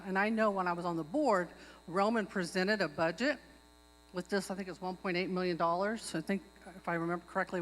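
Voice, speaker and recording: A woman speaking up at a public tribal meeting, arguing her motion and repeating herself for emphasis. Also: fairly low pitch. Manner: earnest, repeats herself when stressing a point. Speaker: tribal member making a motion. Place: outdoor pavilion. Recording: long hall reverb.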